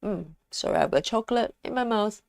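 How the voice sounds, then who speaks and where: A woman hosting a casual live stream, chatting in a relaxed way and reading out viewer comments with frequent ums. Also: mid-range voice, takes it slowly, no room sound, clean studio sound.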